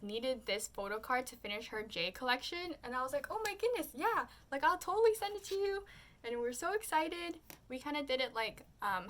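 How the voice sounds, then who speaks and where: A young woman vlogger tells a story in a casual, chatty way, packed with "like"s. When she quotes her own remarks, she does it in high squeals. Her tone is sharp.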